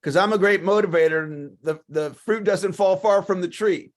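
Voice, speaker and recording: A man giving a motivational coaching talk on a livestream, enthusiastic and repetitive, often clearing his throat. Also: sits high, moderate pace. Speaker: sales coach.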